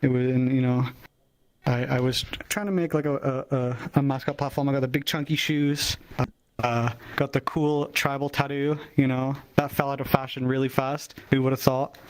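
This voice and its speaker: A man's voice: medium pitch, level tone, normal speed, clean tone, rough recording. Rambling man swearing casually. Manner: loose, swears often, rambling with restarts. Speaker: avatar creator showing his work. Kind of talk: casual show-and-tell.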